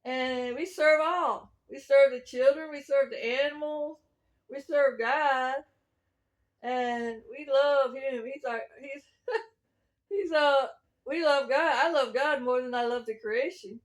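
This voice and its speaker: A woman with a high voice talks her way through a rambling religious testimony. She preaches in loose, wandering turns and chuckles between thoughts. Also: takes it slowly. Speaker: self-styled prophet.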